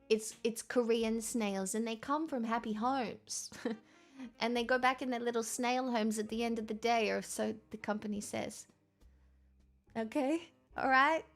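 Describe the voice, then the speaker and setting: A tired Australian woman livestreams and reads viewer comments in casual chat, giggly, rambling, laughing often and swearing freely. Her voice is on the high side, measured in pace with frequent pauses, and faint music plays behind her.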